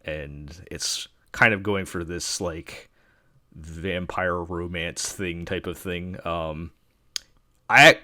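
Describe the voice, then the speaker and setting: Male podcast host from New York, very low voice, dry sound, loose rambling delivery. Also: steady tone, slow, pushed and bright, dry recording. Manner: rambling, many fillers and restarts. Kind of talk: casual chat.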